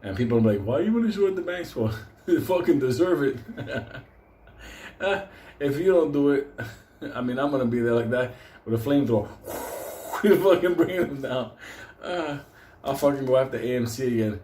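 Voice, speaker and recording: With a dark, medium-pitched voice at normal speed, this host pauses often as he rambles through a casual rant. He swears constantly, jokes loosely, and keeps breaking into laughter, all in a recording with roomy echo and faint background noise.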